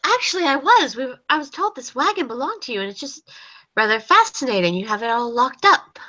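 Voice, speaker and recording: Bright high-voiced woman player. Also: sing-song, a little fast. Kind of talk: tabletop role-play, in and out of character.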